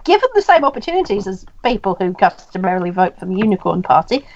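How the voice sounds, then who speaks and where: A woman's voice: medium pitch, sing-song, fast. A woman playing a tabletop game in character, earnest and formal in how she speaks. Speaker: player. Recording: dull lo-fi mic, faint hiss.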